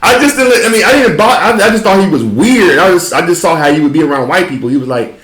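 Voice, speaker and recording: A man with a Southern accent hosting a casual chat, telling an animated, profane story and laughing often. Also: a little high, quick pace. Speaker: podcast host. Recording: roomy echo.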